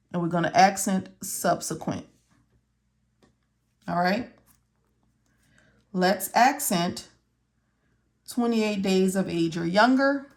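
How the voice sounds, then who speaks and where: A woman instructor walking students through medical coding notes step by step, often checking in with "okay?". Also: medium pitch. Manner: repeats "okay?" and "all right?" to check in. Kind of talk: casual step-by-step tutorial.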